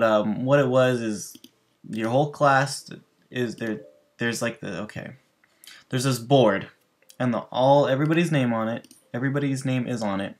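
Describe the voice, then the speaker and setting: A man hosting a gaming channel, telling loose, rambling stories over gameplay and talking straight to his viewers. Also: mid-range voice. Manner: rambling, loose, full of restarts and asides to viewers. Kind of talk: casual storytelling over gameplay.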